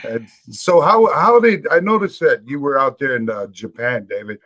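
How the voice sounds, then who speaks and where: A man hosts a casual interview, mostly reacting with short remarks before asking his guest relaxed questions. His pitch sits in the middle range. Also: moderate pace. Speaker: talk show host.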